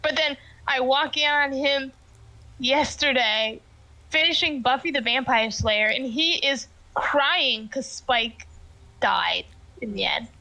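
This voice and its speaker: A woman's voice: high voice, takes it slowly, sharp tone, low-quality recording. A woman streamer chatting casually during a tabletop game, telling stories with lots of laughter. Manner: chatty storytelling, laughs often, filler "like".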